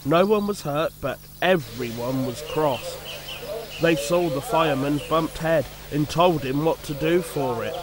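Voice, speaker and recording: A man narrating a children's storybook in a slow, expressive, measured way. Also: a little high, a crowd in the background. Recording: music playing under the voice.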